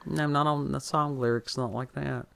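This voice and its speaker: A woman's voice: rumbling low, steady tone, moderate pace, creaky, no echo. A woman hosting a casual podcast chat, folksy and rambling, often repeating words. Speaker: podcast host.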